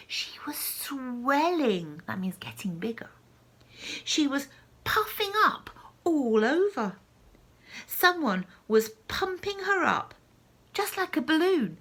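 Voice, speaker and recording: A woman reading a children's story aloud, with slow, expressive delivery and hushed asides. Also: fairly high pitch, breathy edge.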